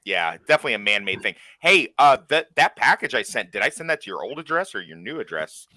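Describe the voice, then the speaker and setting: A man's voice: mid-range voice, big pitch swings, quick pace, bright, forceful tone, dry recording. A man, an army veteran, joking bluntly and swearing in casual chat on a stream. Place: small college town near Kansas City.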